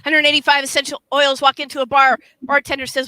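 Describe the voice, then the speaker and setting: A woman's voice: sits high, flat delivery, fast, pushed and bright, no echo, poor audio. A woman improv performer delivering short jokes dryly over a video call. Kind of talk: improv joke telling.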